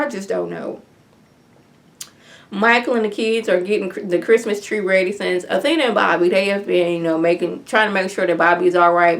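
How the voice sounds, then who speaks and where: A chatty woman recaps a TV episode and tells it like gossip to a friend. She speaks at a middle pitch, and she keeps her delivery animated with a steady stream of "like.". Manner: chatty, animated retelling with lots of "like". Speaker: TV episode reviewer. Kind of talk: casual recap vlog.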